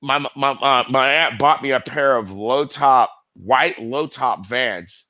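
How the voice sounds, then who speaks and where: A middle-aged man with a bright, forceful voice, spinning loose stories as an interview guest. He rambles, swears freely and leans on fillers, in a dry, close recording. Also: medium pitch, takes it slowly, no room sound. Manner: rambling, profane, heavy with fillers. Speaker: guest skateboarder. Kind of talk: casual storytelling interview.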